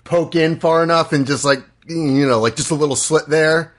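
A man's voice: on the high side, steady tone, moderate pace. A man hosting a casual podcast, rambling and filling with "like". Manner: rambling, heavy use of "like". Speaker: podcast host. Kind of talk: casual chat.

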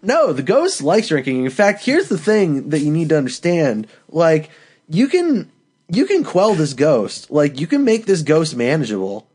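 A man on a comedy podcast, deadpan and pedantic, quizzing the others. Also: on the high side, a little slow, slightly rough. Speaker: podcast co-host. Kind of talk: improv comedy chat.

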